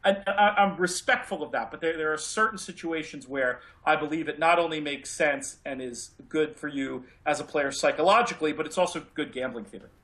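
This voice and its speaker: Guy on a podcast, kinda high bright voice, thinks out loud and keeps restarting. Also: fairly quick, hardly any pauses. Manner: reflective, rambling with restarts. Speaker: podcast co-host, horse racing handicapper. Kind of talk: casual podcast discussion.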